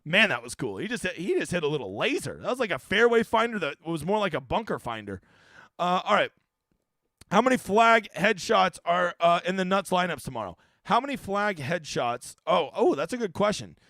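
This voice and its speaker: Animated, profane male stream host. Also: high-pitched, fast talker, dry recording, studio quality. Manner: profane, joking, reads viewer questions. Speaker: fantasy golf stream host. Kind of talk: casual live-stream chat.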